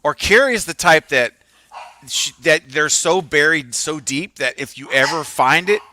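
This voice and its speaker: Earnest male co-host; bright tone, animated pitch. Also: a little slow. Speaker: co-host of a live horror talk stream. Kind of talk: casual live-stream chat.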